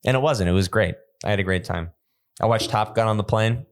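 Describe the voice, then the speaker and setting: A young adult man, a stand-up comedian hosting a podcast, chats casually and comically, rambling through animated stories with lots of restarts. His voice is fairly low and his pace fairly quick.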